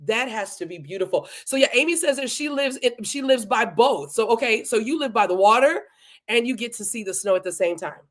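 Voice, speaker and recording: A woman hosts a live-streamed podcast, chatting with her viewers in a warm, effusive way. Her voice sits a little on the high side. She greets people by name and talks loosely and casually. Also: lively intonation, fairly quick. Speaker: podcast host. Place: home, Delaware.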